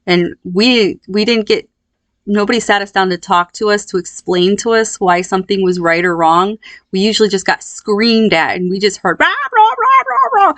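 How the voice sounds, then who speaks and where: A woman in her thirties telling a personal story in a candid, reflective, unhurried way. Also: medium pitch, fairly even intonation, no echo. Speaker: vlogger.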